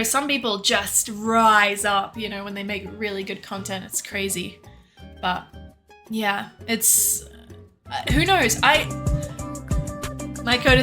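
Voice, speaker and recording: A woman's voice: fairly high pitch, pushed and bright. A young woman streamer in casual livestream chat, rambling, laughing often and swearing casually.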